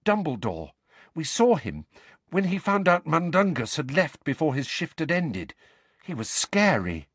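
A man reading the part of an anxious, earnest teenage girl in an audiobook, in a higher, breathless voice. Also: wildly swooping pitch, normal speed, a bit bright, husky, no room sound, full character voice.

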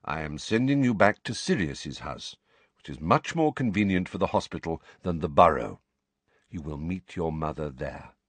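A man voicing a calm, commanding elderly wizard headmaster who speaks in a measured, grave way. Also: deep voice, no room sound.

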